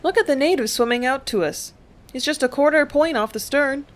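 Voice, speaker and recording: A woman's voice: high-pitched, fairly quick, voice pushed up, close to an everyday voice. A woman voicing a naive, bold teenage girl raised at sea, eager and questioning in an audiobook.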